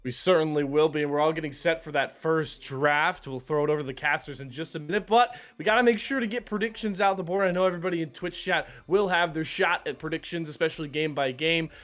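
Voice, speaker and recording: A male host at an esports analyst desk who keeps the show moving. He sounds upbeat and casual, with a voice pitched a little high. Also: fairly quick, fairly bright tone. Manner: upbeat, hands off to casters. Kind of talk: live esports desk talk.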